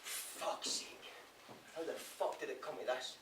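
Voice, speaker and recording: A man's voice: medium pitch, unhurried, noisy background, lightly acted. An actor with a Scottish accent playing a remorseful male prisoner in a theatre monologue, swearing constantly. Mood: guilt-ridden. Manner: raw, swearing constantly, brooding. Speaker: stage actor. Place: theatre stage. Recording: live stage, roomy, from far off.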